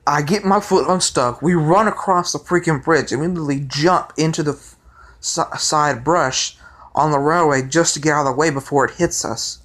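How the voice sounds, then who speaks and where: A young man telling a story from his life in a rambling, excitable way, with many restarts. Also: on the high side, normal speed. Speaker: vlogger. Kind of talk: casual storytelling.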